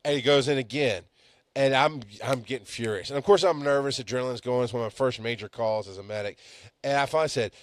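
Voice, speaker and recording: Man, paramedic instructor, storytelling lecture, blunt, loud then low asides, average pitch, dry close sound. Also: fast talker, no echo.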